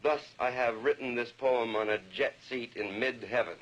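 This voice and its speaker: A man's voice: mid-range voice, moderate pace, a bit bright. A poet reading his own poem aloud in an incantatory, rhythmic way, leaning into repeated lines. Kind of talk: poetry reading. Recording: dull lo-fi archival recording.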